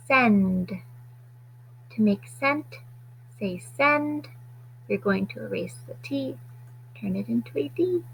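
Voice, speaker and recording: A woman teaching a phonics lesson to children, stretching out sounds slowly and deliberately. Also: medium pitch, creaky, highs cut off, slight background noise.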